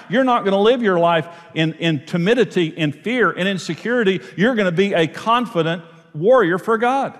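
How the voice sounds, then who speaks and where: A man's voice: high voice, moderate pace, a bit bright, long reverb tail. A man preaching a sermon, earnest and emphatic, repeating phrases to drive points home. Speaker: pastor. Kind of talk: sermon teaching.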